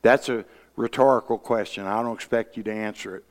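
A man preaching a sermon full of personal stories, blunt and folksy, rising to loud emphasis. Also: lowish voice, steady tone, brisk. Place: church sanctuary. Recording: long hall reverb.

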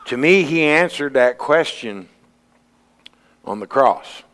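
A man preaching a sermon, earnest, climbing to emphatic peaks and then dropping low. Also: lively intonation, slow, a bit bright. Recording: long hall reverb.

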